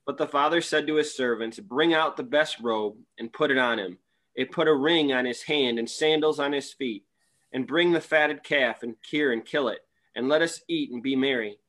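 A man's voice: medium pitch, normal speed, fairly bright tone. Man reading scripture aloud steadily. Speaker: scripture reader.

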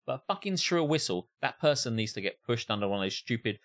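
A man's voice: mid-range voice, sing-song, fast, fairly bright tone. A man co-hosting a podcast, ranting in casual chat with plenty of swearing and acted-out impressions. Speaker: podcast co-host.

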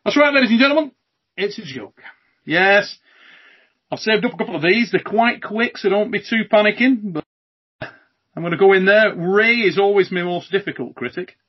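A man's voice: high-pitched, normal speed, slightly rough, muffled recording. A man hosting a casual podcast over a video call. He jokes, swears freely and tells a joke to his guests. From Britain. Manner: brash, joking, swears freely. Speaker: host.

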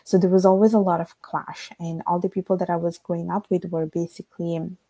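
An Italian woman guesting on a podcast reflectively tells her own story in long, searching runs full of fillers, speaking with an Italian accent. Her lowish voice is dark, husky, and level in tone, a little fast, with no room sound.

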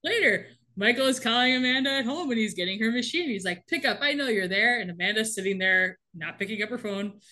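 A woman with a bright, slightly high voice recaps a show in casual chat. She laughs often and swings into quick impressions of the characters. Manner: animated, laughing often, acts out characters' lines. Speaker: podcast co-host recapping a TV episode.

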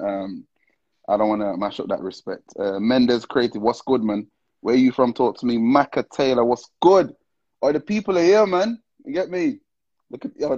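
A man's voice: mid-range voice, a little mellow, breathy edge, no room sound. Man hosting a live phone stream, slangy and chatty; dry, dull lo-fi sound. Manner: slangy, greets viewers one after another, laughs often. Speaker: livestream host. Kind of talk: casual live-stream chat.

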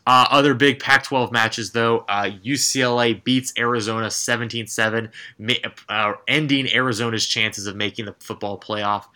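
A man's voice: mid-range voice, steady tone, normal speed, hardly any pauses, sharp tone. A man co-hosting a sports podcast, running through fixtures and scores in a casual, sarcastic way. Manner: dry, sarcastic rundown of fixtures. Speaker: podcast co-host.

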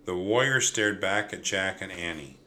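A man narrating a children's chapter book in a clear, steady storytelling manner. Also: low voice, moderate pace.

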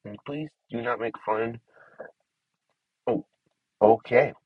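A man's voice: mid-range voice, slow pace, dry recording, phone-quality sound. A man giving casual commentary to himself while he builds in a game. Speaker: gameplay streamer.

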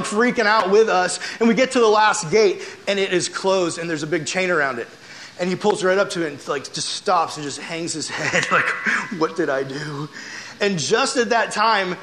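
A young man preaching to a youth group in an animated, casual storytelling style, full of "like". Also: sits high, slight background noise. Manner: animated, chatty, heavy use of "like". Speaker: youth pastor.

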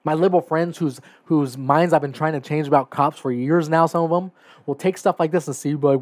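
A man with a slightly raised pitch delivers opinionated podcast commentary in a dead-dry recording. He speaks emphatically, leaning on "right?" and "okay?", and builds to heated moments. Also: fairly even intonation, fairly quick, a little mellow, no room sound. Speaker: podcast host.

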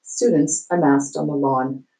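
A woman's voice: low voice, steady tone, unhurried, dark tone, poor audio. A woman reading a children's book aloud, stopping to explain hard words with small fillers. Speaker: reader.

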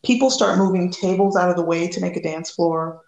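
Gravelly American woman telling a lively story. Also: on the low side, brisk, echoey room, noisy background. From United States. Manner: lively, acts out quoted dialogue. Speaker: guest. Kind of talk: animated personal storytelling.

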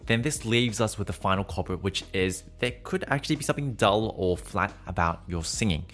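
A man's voice: lowish voice, animated, brisk, fairly bright tone. A man teaching a singing lesson in direct, encouraging instructions, breaking off to demonstrate vowel and nasal sounds. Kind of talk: podcast voice lesson.

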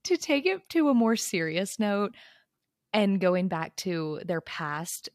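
A woman's voice: medium pitch, big pitch swings, slow pace, no echo, studio quality. A woman co-hosting a podcast, chatting casually and gushing as she lists her favorite scenes. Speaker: podcast co-host. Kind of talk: casual book-club chat.

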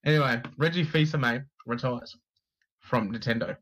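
A man's voice: mid-range voice, moderate pace, a bit bright, slight background noise, poor audio. A man co-hosting a podcast, reading gaming news aloud in a casual, sweary, joking way and tripping over names. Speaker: podcast co-host.

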